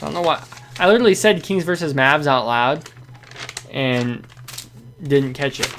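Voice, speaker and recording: A man's voice: a little high, normal speed, long pauses, a bit bright, slight background noise. Rambling, self-correcting male fan host. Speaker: host of a basketball fan show. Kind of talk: casual game recap.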